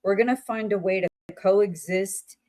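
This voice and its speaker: Slow-talking chatty woman host. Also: mid-range voice, fairly even intonation, warm tone. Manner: chatty, laughing, many fillers. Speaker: psychic show host. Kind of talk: casual livestream chat.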